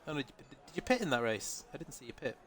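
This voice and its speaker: Stuffed-up man calling a sim race live, mid-pitched and nasal, chatting with viewers between calls. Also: big pitch swings, racing. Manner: chatty, answers live chat, laughs often. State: congested with a head cold. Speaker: race commentator. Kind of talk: live sim-racing commentary.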